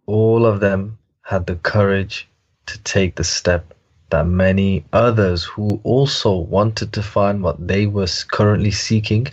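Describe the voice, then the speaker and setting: A man's voice: low-pitched, highs cut off. A man telling a story in reflective conversation, hesitant and full of fillers and restarts.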